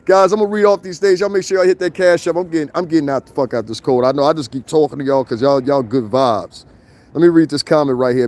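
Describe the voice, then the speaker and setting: A man's voice: on the high side, fast talker, a little mellow. A middle-aged man, hosting a casual livestream outdoors in the cold, reading comments and rambling in loose, profane stories. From New York. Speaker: livestream host. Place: outdoors in the cold, city street.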